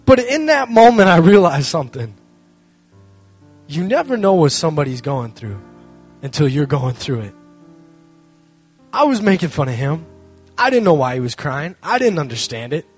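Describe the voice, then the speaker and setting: A young man speaking to a live audience, telling a lively story with self-mocking humor and acting out both sides of the conversation. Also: fairly high pitch, normal speed, pauses often, breathy edge, soft background music. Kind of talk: animated storytelling talk.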